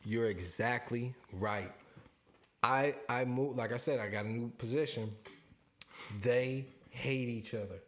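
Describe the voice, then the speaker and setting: A young man co-hosting a podcast, telling a story in casual chat, animated, swearing, laughing often and acting out the people he quotes. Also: mid-range voice, measured pace. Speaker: podcast co-host.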